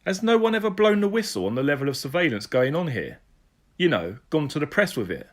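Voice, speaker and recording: A man's voice: on the high side, big pitch swings, a little fast. A man voicing a frustrated detective who asks earnest, questioning lines. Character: frustrated male detective, thoughtful and restless.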